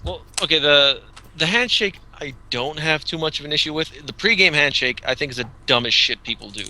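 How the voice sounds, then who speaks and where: A man hosting a casual gaming podcast, telling rambling, animated stories full of restarts. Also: on the high side, fairly quick, low-quality recording. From Southern California. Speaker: podcast host. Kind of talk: casual chat.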